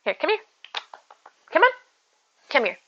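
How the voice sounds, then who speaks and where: A woman's voice: sits high, huge pitch swings, measured pace, fairly bright tone, lo-fi sound. A woman streaming live from home, chatting casually and answering viewers' messages as she goes. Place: at home with her cats.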